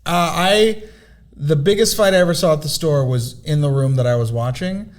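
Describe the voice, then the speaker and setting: A man's voice: a little high, moderate pace. A man on a podcast telling loose, profane stories, laughing as he goes. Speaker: podcast guest. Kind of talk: casual podcast storytelling.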